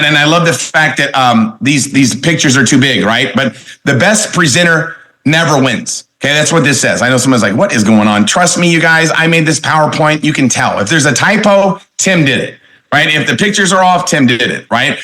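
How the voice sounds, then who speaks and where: A middle-aged man revs up a seminar room, hammering his points home with repeated phrases and quick questions to the crowd. His voice is bright and forceful, pitched a little high for a man, and he pushes each line with real conviction. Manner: energetic, emphatic, repeats phrases and asks the audience questions. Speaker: motivational sales trainer. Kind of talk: motivational seminar talk.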